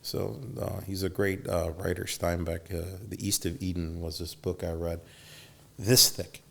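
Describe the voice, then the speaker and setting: A man's voice: deep voice, level tone, measured pace, vocal fry, a bit bright. A middle-aged man telling stories as a podcast guest, acting out quotes with big jumps in his voice and swearing freely. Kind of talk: storytelling interview.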